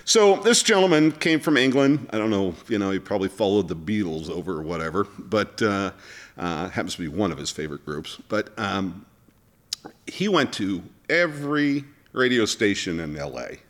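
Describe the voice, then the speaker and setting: Male host, lowish voice, chatty, halting with ums and uhs. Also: animated. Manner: rambling with many fillers, laughs easily. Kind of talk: casual talk-show chat.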